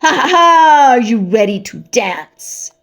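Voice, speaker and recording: A vain, pompous luchador champion, as a woman puts him on. He bellows his lines with a lively swing in pitch. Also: a little slow, breathy edge. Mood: boastful.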